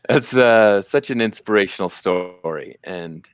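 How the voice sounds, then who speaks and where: A man's voice: on the low side, expressive, takes it slowly, smooth, no room sound. A man hosting an online session over a video call, thanking the speaker with brief, appreciative remarks.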